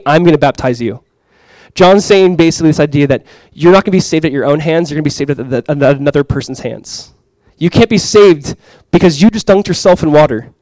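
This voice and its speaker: Man, pastor, sermon, somewhat high voice, casual excited delivery, dry sound. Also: no room sound, rough recording. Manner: casual, excited preaching with many "like"s and restarts.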